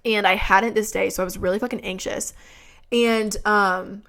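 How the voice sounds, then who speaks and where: A young woman in her twenties hosts a podcast in loose, casual chat. She rambles, swears freely and leans on fillers as she goes, with a voice of ordinary female pitch. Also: fairly even intonation, moderate pace, fairly bright tone. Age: 20s. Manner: frank, profane, rambling with many fillers. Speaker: podcast host.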